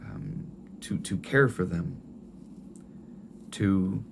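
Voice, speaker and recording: Middle-aged male pastor, tender and gentle, restarts phrases, low voice. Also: wildly swooping pitch, extremely slow, creaky, background noise. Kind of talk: sermon.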